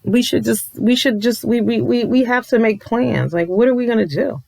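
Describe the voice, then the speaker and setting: A man's voice: extremely high pitch, normal speed, gravelly, a little mellow, no echo, rough recording. A man ranting to viewers from home late at night, emphatic and preachy, cursing and repeating himself for effect. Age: adult with a child. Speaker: commentary vlogger.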